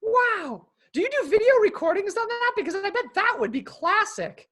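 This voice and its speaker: A woman co-hosting a casual live-stream chat, reacting with quick, enthusiastic comments. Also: extremely high pitch, very animated, a bit bright. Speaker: co-host.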